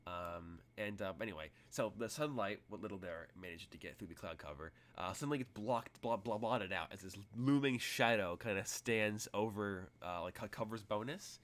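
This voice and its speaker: Low-voiced man running a tabletop game. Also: moderate pace, hardly any pauses, a bit bright. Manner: rambling, vivid descriptive narration. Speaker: game master. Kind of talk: narrating a tabletop role-playing game.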